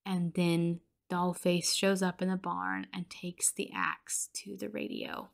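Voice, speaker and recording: A woman's voice: fairly low pitch, steady tone, slow pace, gravelly. A young woman hosting a podcast, casually recapping a horror film with lots of fillers and swearing, sometimes dropping to a whisper. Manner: chatty, swears, many fillers like "like"; drops into whispers for tense moments. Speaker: podcast host.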